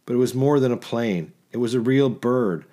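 A man narrating a literary short story in a measured, rhythmic reading. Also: medium pitch, warm tone. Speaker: audiobook narrator.

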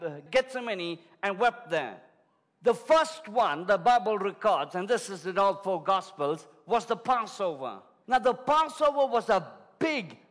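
A man preaching a dramatic sermon, swinging from shouts to hushed words. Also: very high-pitched. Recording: long hall reverb.

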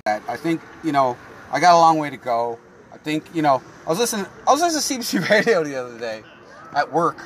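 Male podcast host, loose profane chat, a bit high-pitched, faint outdoor hum. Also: sing-song, fast talker. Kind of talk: casual chat.

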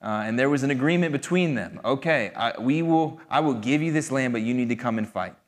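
Casual young-sounding preacher in a reverberant hall. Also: male voice, mid-range voice, expressive, a little fast. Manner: casual conversational preaching with fillers. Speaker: pastor. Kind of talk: sermon. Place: church hall.

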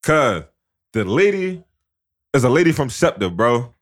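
A man's voice: mid-range voice, big pitch swings. A young man telling a personal story in casual slang, repeating himself and restarting often. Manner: repetitive, halting slangy storytelling.

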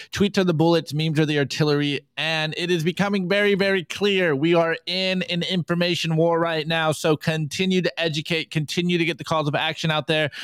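Fast, joking male podcast co-host. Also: fairly high pitch, fairly bright tone, no echo. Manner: joking, quick, reads memes aloud in put-on voices. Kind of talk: casual meme review on a live show.

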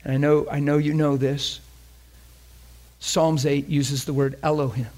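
A man preaching a sermon with a somewhat high voice. He talks with passion and throws direct questions to his congregation. His delivery swings from loud emphasis to hushed, almost whispered lines. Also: level tone, a little slow.

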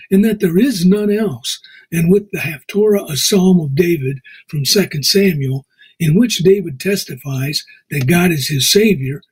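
A man with an American accent hosting a radio show, reading scripture and preaching in a measured, emphatic way. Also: on the high side, slightly rough, rough recording. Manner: measured, emphatic preaching with slow drawn-out stresses. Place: radio studio.

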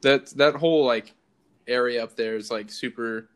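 A young man from the American South, co-hosting a podcast in a relaxed, joking way and laughing often. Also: mid-range voice, moderate pace, clear, resonant tone. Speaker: podcast co-host. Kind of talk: casual chat.

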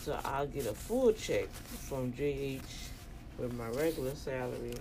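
There's a bass quality to this woman's voice as she speaks at a measured pace against background noise. Addressing her online family, the New Orleans vlogger keeps her monologue casual and preachy, full of emphatic rhetorical questions in her Southern accent.

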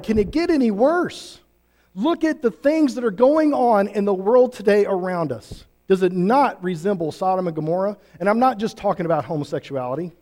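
A man's voice: sits high, darkish tone. A man preaching a sermon as pastor, emphatic and repeating words for stress.

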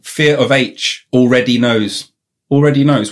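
A man's voice: fairly low pitch, expressive, moderate pace. A man hosting a comedy podcast into a studio mic, riffing playfully and repeating bits in silly voices. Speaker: podcast host. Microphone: studio microphone.

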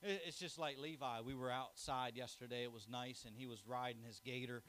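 A man's voice: medium pitch, fairly even intonation, fairly quick, a bit bright. A young man preaching a sermon, telling a family story, then reading scripture and building to emphatic, rising declarations. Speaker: pastor.

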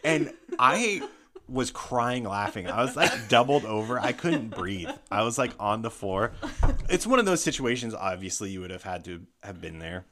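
A man hosting a casual podcast chat, retelling a tabletop game story in an animated way, swearing freely. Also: on the low side, normal speed. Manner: animated, swearing, breaks into laughter.

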